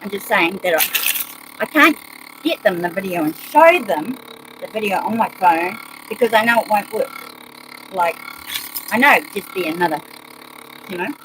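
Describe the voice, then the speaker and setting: A woman's voice: medium pitch, animated, moderate pace, long pauses, background noise. A woman with a New Zealand accent, ranting agitatedly in a rambling monologue and swearing often.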